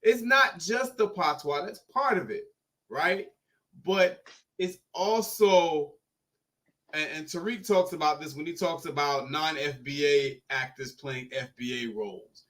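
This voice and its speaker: A man hosting a podcast, talking in an animated, emphatic and profane way. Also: on the high side, measured pace. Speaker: podcast host. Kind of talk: casual podcast chat.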